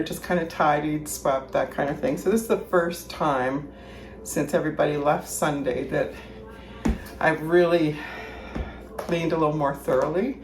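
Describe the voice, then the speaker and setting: Chatty woman in an echoey kitchen. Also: deep voice. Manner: chatty, rambling, thinks aloud. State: a little out of breath. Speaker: home cooking vlogger. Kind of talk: casual kitchen chat. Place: home kitchen.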